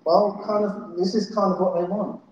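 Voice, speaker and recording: Speaking at normal speed with a level, darkish tone, a high-voiced man gives a live festival talk on a muffled recording. The conference speaker often checks in with the audience using "yeah?" and "right?", and the festival hall is very echoey.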